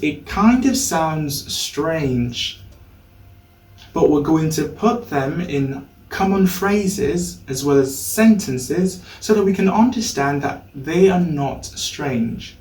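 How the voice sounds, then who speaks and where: A British man with a slightly high voice teaches pronunciation at a very slow, careful pace. He repeats each word for the listener to copy. He sits away from the mic in an echoey room. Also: expressive, darkish tone, recorded from a distance. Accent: British English. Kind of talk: scripted lesson.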